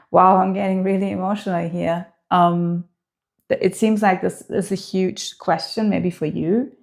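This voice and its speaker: A woman giving a spoken tarot reading in a gentle, heartfelt way, hesitant and full of filler words. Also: fairly low pitch. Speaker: tarot reader.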